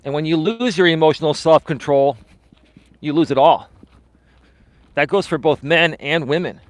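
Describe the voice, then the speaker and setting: A man hosts a live stream as a life coach, talking outdoors in an earnest, motivational way, calling his viewers "folks." His voice sits a little high for a man, and the sound is close and dry with no room echo. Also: normal speed. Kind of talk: casual live-stream talk while walking. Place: outdoors, walking.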